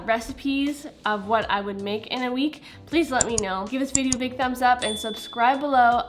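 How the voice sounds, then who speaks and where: A young woman giving a chatty, laid-back cooking voiceover for her vlog, often saying "like". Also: fairly high pitch. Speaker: cooking vlogger. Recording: faint music behind.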